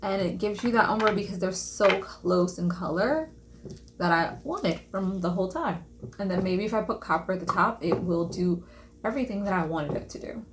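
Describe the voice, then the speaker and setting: A woman's voice: medium pitch, moderate pace, background noise. A young woman chatting to viewers while she paints a craft, casual and self-deprecating. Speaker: vlogger. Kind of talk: casual craft vlog chat.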